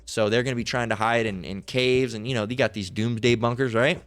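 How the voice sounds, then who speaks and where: A man's voice: mid-range voice, fairly even intonation, a bit bright, clean tone. Blunt, slangy man teaching scripture. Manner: slangy and blunt, reads verses slowly and deliberately. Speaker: bible teacher. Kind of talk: scripture lesson with casual commentary.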